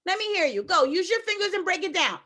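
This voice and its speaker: A woman teaching a phonics lesson to young children, sounding out letters slowly and emphatically, with repeated encouragement. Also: extremely high pitch, expressive, sharp tone. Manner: encouraging, repeats phrases to the class. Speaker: kindergarten teacher.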